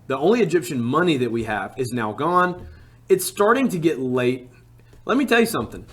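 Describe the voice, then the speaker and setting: A man casually telling a personal story, animated and full of "like" fillers. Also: mid-range voice.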